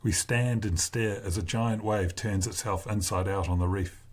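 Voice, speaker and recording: A man with a husky voice reading a first-person novel aloud in a slow, deliberate way. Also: sits low, steady tone. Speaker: narrator.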